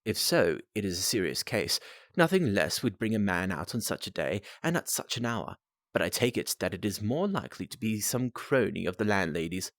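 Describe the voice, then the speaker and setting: A narrator puts on a cool, aloof detective who speaks with clipped certainty. The voice stays low and moves with lively inflection. The recording is close and dry. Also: male voice, normal speed, no room sound.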